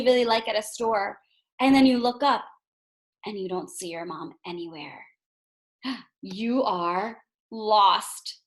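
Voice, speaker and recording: A woman teaching a reading lesson to young children in a gentle way. She asks questions and often checks in with them. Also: sits high.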